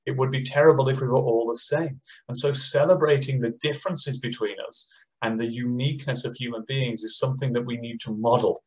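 A man's voice: mid-range voice, steady tone, dull audio. A man with an Australian accent, speaking passionately as an education speaker at an online conference, often acting out teachers and children. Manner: passionate, acts out teachers and children in quick impressions.

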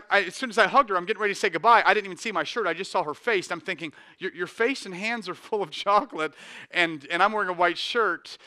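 Male pastor, thirties, dry close sound, lively storytelling sermon delivery. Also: high-pitched, clean tone, no echo. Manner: animated storytelling with shifts between quiet intensity and loud energy.

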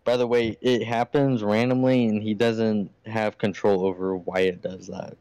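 A man with a smooth, somewhat low voice narrates a tabletop game casually. The sound is dry and close. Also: level tone, mellow, no echo. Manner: casual, pausing to recall names. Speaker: game master.

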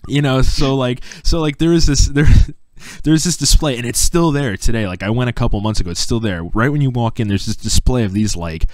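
A man's voice: mid-range voice, fairly quick, no echo. A young man hosting a podcast, rambling and laughing as he tells a story over a video call. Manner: rambling, laughing, heavy use of "like". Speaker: podcast host. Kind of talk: casual storytelling chat.

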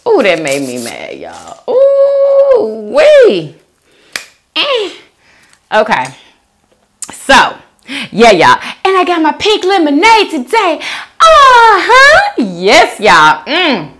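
A woman eating on camera and talking to her viewers in a loose, chatty way, her voice swooping up and down in lively pitch. She talks slowly, often drawing out words, and leans on "y'all" constantly. Chewing and small hums sit close on the mic. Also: background noise. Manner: chatty, animated, says "y'all" a lot, chewing sounds. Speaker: mukbang vlogger. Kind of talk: casual eat-with-me chat.

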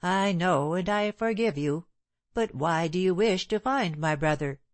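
A woman reading the part of a proud, bitter gentleman who speaks in a sneering, clipped way. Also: on the low side, animated, measured pace, dry recording. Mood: scornful. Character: proud bitter middle-aged gentleman, scornful.

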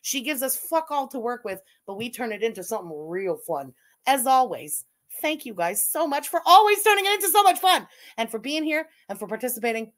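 Streamer gal, high, bouncy voice, crude giggly roast commentary. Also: female voice, very animated, brisk. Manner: giggly, crude and mocking, laughs often. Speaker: livestream host. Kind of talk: casual livestream commentary.

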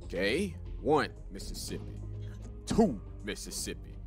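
Male gaming host, let's play commentary, slow delivery, very animated pitch. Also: soft background music. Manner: excitable, talks to himself while playing.

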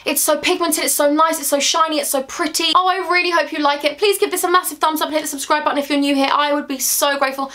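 A woman's voice: high-pitched, fairly even intonation, fast talker, few pauses, bright, forceful tone. A young woman chatting to camera as a beauty vlogger, gushing and affectionate as she talks through her makeup. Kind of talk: casual makeup chat to camera.

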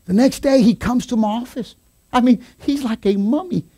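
A man preaching a sermon as pastor, telling a story with quoted voices and rising to excited shouts. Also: very high voice, normal speed. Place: church sanctuary.

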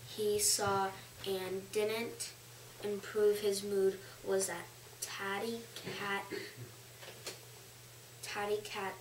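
Slow, stumbling woman reading aloud. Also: mid-range voice. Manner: slow, stumbling, repeats words. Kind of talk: halting reading practice. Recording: echoey room, far from mic, faint noise.

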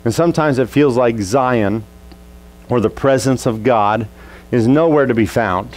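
A male pastor delivers a sermon through a childhood story, acting out each scene as he tells it. His voice sits at an ordinary middle pitch for a man, and he slips into quick impressions of the people in the story. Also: rough recording. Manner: animated, acts out family scenes with voices.

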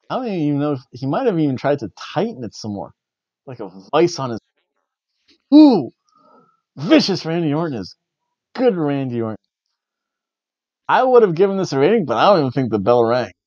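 A man's voice: on the high side, a little mellow, no room sound, lo-fi sound. A man hosting a wrestling review show, rambling in casual chat with wry, jokey asides. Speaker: wrestling review podcast host.

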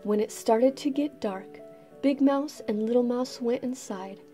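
A woman reading a children's picture book aloud in a gentle, expressive way. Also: fairly high pitch, measured pace, soft background music. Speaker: storybook reader.

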